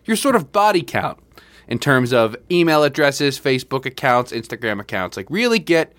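A man's voice: mid-range voice, sing-song, moderate pace, fairly bright tone, no echo. A man co-hosting a comedy podcast, joking around and laughing often. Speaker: podcast co-host. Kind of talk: casual comedic podcast chat.

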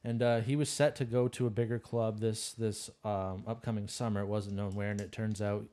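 A man's voice: fairly low pitch, flat delivery, normal speed, mellow. A man co-hosting a sports podcast, talking bluntly and emphatically and repeating himself. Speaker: podcast co-host. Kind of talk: casual chat.

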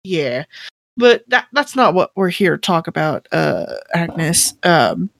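A woman's voice: fairly low pitch, big pitch swings, slow, gravelly, fairly bright tone, dry recording. A woman playing a tabletop game, speaking hesitantly with many fillers. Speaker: player. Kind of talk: tabletop role-play.

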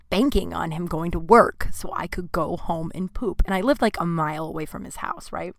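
A woman's voice: on the low side, moderate pace, vocal fry, hardly any pauses, no echo, studio quality. A young woman hosting a casual talk show, telling a rambling comic story full of fillers and acted-out quotes. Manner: rambling, animated, acts out quoted voices. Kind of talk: comedic storytelling.

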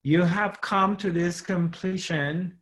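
A middle-aged man gives an earnest spiritual talk, taking his time and circling back over the same phrases. His voice sits a little high for a man, and he never rushes. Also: steady tone, fairly bright tone. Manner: slow, earnest, repetitive. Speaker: spiritual teacher.

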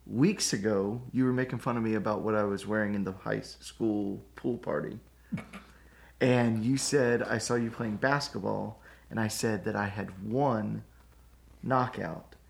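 A man co-hosting a church podcast, chatting casually and telling animated stories. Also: lowish voice, measured pace, creaky. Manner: animated storyteller. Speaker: podcast co-host. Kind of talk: casual chat.

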